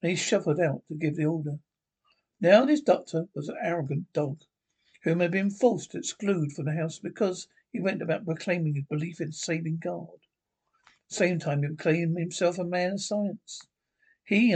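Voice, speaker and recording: A man reads a gothic short story aloud, telling it in the first person with dramatic flair. His voice sits a little high for a man and carries a husky, breathy grain. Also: normal speed, a little mellow. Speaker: reader.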